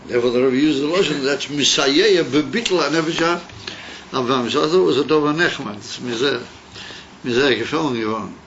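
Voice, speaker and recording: A male rabbi teaching a Hasidic text and telling a story, in halting English full of fillers and Hebrew and Yiddish terms. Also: mid-range voice, a bit bright. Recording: dull lo-fi recording with faint hiss.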